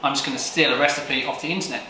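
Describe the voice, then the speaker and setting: A man's voice: mid-range voice, steady tone, very fast, pushed and bright. A Brit putting on a brash American guy. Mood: hammy. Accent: put-on American. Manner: exaggerated folksy drawl with slang. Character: hammy loud American guy, man, brash and folksy. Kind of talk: comic vlog intro. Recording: very echoey room, faint noise.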